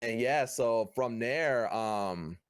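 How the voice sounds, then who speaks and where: A young man, a streamer, chatting casually and easygoing, with many pauses. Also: mid-range voice, clear, resonant tone, no echo, studio quality. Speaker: streamer, guest. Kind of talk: casual podcast chat.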